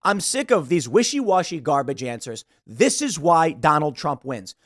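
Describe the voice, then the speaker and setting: A man's voice: fairly high pitch, normal speed, no room sound, clean studio sound. A man hosting a political talk show, giving casual, opinionated commentary and sometimes mimicking others. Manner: animated, opinionated, mimics others mid-rant. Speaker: podcast host.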